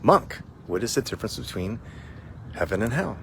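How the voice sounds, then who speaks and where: A man's voice: on the low side, very animated, moderate pace, gravelly, a bit bright, slight background noise, exaggerated voice. A man doing an impatient, scruffy samurai. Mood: demanding. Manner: demanding, impatient. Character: scruffy, hot-tempered male samurai warrior.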